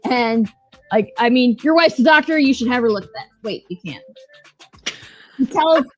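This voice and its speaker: A woman's voice: fairly high pitch, animated, moderate pace, faint music behind, low-quality recording. A woman co-hosting a podcast, recapping a show in casual, blunt, profane, joking chat. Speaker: podcast co-host.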